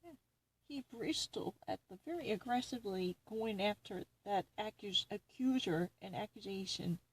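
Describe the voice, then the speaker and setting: A woman's voice: medium pitch, lively intonation, normal speed, husky, low-quality recording. A woman reading dictionary definitions aloud and arguing over them with herself, grumbling and indignant.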